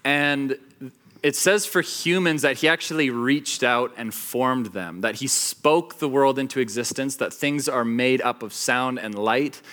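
A man delivers a relaxed sermon to a small gathering, retelling a story with plenty of "like"s and filler words. His voice has a bright, ringing edge, and he jumps into the characters' lines as he quotes them. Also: mid-range voice, a little slow. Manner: animated storytelling, acts out quotes, many fillers. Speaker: pastor. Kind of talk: casual sermon to a small group.

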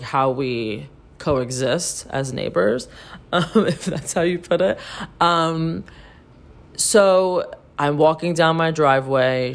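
A woman co-hosting a podcast, telling a story in casual, animated chat to her listeners, swearing freely and saying "like" a lot. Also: low-pitched. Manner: animated, profane, heavy use of "like". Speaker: podcast co-host.

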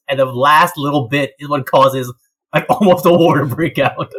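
A young man in casual chat, telling a story with lots of laughs and quick put-on voices. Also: a little high, slightly rough, poor audio. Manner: animated storytelling, laughs often, slips into voices.

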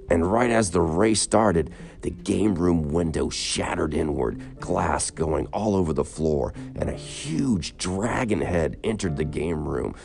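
A man reading a children's story aloud as narrator in a slow, expressive way. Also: a bass voice, gravelly. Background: soft guitar music.

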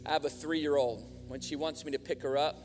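A man preaching a sermon in a church, impassioned, swinging from hushed appeals to shouted fervor. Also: a little high, steady tone, brisk. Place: church hall. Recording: music, long hall reverb.

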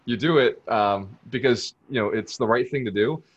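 A man's voice: mid-range voice, moderate pace, slightly rough, dull audio. A man hosting an interview as a coach, chatty, with many fillers and short affirmations. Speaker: interview host, real estate coach. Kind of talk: casual interview.

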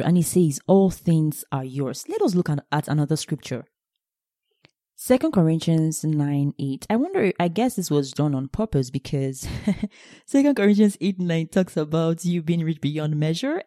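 A woman teaching a sermon on scripture, animated, asking her listeners questions and answering them herself. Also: deep voice, dry recording, clean studio sound. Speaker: Bible teacher.

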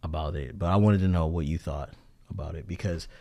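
A man co-hosting a casual couples podcast, relaxed and teasing, often restarting his sentences. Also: a bass voice, fairly quick, no room sound. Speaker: podcast co-host. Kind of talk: casual chat.

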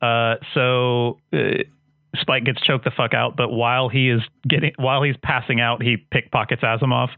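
A man's voice: medium pitch, little pitch movement, normal speed, gravelly, dry recording. A man co-hosting a podcast, recapping a story in casual chat with lots of fillers and restarts. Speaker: podcast co-host recapping an episode. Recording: dry, tinny phone-like sound.

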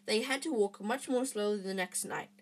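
Husky woman reading a story aloud. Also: medium pitch, normal speed. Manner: frequent restarts and fillers. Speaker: reader.

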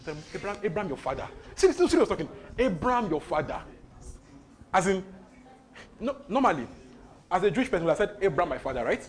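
A man's voice: high voice, big pitch swings, fast. Emphatic man teaching the Bible. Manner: emphatic, repeats key phrases, interrupts the reader. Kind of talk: commenting on a scripture reading.

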